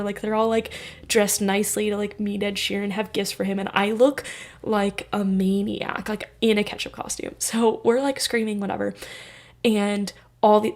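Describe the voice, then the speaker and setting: Gravelly-voiced young woman telling a story. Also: mid-range voice. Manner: animated, full of "like" fillers, acts out voices and drops to whispers. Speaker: podcast host. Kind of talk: casual storytelling.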